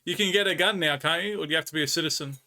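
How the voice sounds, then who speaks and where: A man with an Australian accent talks casually to his stream audience, his voice bright and a little high. He rambles from one story to the next and laughs as he goes. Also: racing. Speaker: livestreamer. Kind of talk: casual chat with viewers.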